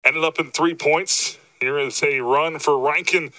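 A man hosting post-game football coverage, his bright, forceful voice close and dry on the mic. He talks slightly out of breath, with energy that lifts on each highlight. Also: measured pace, dry recording, low-quality recording. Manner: energetic, rising excited pitch on highlights. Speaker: play-by-play sportscaster.

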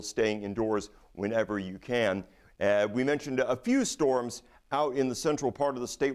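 A man's voice: mid-range voice, darkish tone. A man giving a conversational weather forecast, with a few fillers.

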